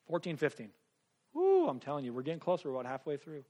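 A man preaching a sermon, animated and conversational, swinging between loud bursts and hushed asides, with quick rushed remarks. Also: a little high. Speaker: pastor.

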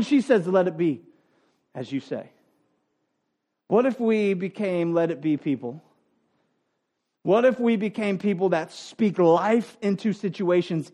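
In his sermon, a pastor addresses the congregation like a parent and coach would. He drives points with repeated phrases, moving back and forth between forceful loud sections and soft, low remarks.

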